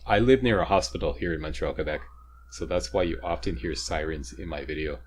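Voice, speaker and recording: A man's voice: very deep voice, fairly quick. A man hosting a video game walkthrough, chatty and joking as he explains each step. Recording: faint ambient noise, sirens nearby.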